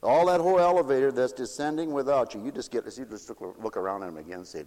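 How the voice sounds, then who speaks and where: Animated, laughing preacher man in a hall. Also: medium pitch, fast, few pauses. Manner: playful, laughing, swings from loud to hushed. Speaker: pastor. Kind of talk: sermon.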